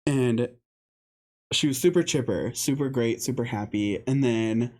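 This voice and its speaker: A man co-hosting a podcast, chatting loosely and recounting a story with lively, acted-out dialogue. His voice is mellow and warm, sitting at an ordinary middle pitch, and he laughs easily as he goes. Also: unhurried. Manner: animated storyteller who acts out other people's lines; laughs often. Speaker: podcast co-host. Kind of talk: casual chat.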